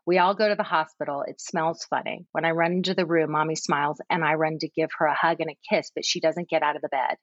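A woman reading aloud as a confused, jealous three-year-old older sibling, in a plain, gentle storytelling voice. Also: low-pitched, steady tone, fast, hardly any pauses, dry recording, dull audio.

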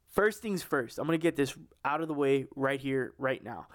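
A man's voice: mid-range voice, moderate pace. A young man hosting a casual sports podcast, rambling with many restarts and fillers. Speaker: podcast host.

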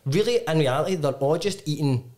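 A man's voice: on the high side, animated, brisk, darkish tone. A young Scottish man, a podcast host, rambling and swearing through casual banter and laughing often.

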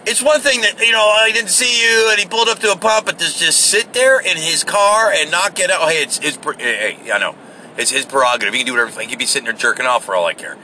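A man telling a rambling, profane story in a casual, animated way, seated inside a vehicle. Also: fairly high pitch, fast, a little hiss or hum.

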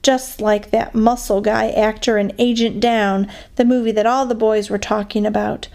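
A woman's voice: mid-range voice, flat delivery, moderate pace, creaky, darkish tone. A woman reading a children's chapter book aloud as a guest reader, lifting her voice for the characters' lines.

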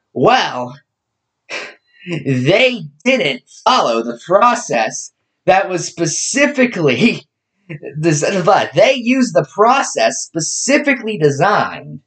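A young adult commentator in a sarcastic, ranting monologue. The pitch swings widely from low mutters to sudden high jumps, and the delivery stays mocking throughout. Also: fairly bright tone, breathy edge, low-quality recording. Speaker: political commentator.

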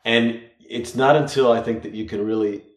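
A man co-hosting a podcast, talking in a casual, reflective way with drawn-out phrases. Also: mid-range voice, slight background noise. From United States. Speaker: podcast co-host. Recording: echoey room.

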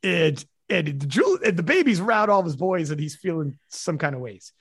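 A man hosting a podcast in casual chat, telling stories in a profane, animated way. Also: on the high side, fairly quick, breathy edge, no echo, studio quality. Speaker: podcast host.

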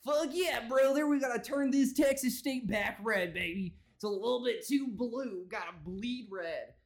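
A man's voice: very high-pitched, normal speed, pitched above the performer's own voice. A man putting on the voice of a rowdy man cheering in a political crowd, brash and hyped up.

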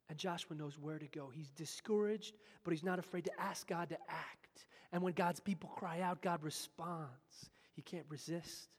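A pastor delivering a sermon with emphatic delivery, swinging between loud urgent passages and hushed asides. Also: mid-range voice, moderate pace, few pauses. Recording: long hall reverb.

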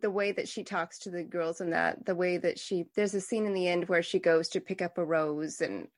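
A woman's voice: on the low side, fairly even intonation, normal speed. A woman hosting an interview, speaking in an enthusiastic, effusive way and often restarting her sentences. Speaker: podcast host. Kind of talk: conversational interview.

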